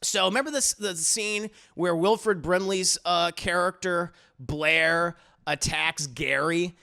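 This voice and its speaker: A man tells his live chat about an episode scene by scene, cursing and laughing as he goes. His voice is high and bright and swings widely in pitch. A gravelly rasp runs through it. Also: slow. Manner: animated, profane, laughing storytelling. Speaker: TV reviewer streamer.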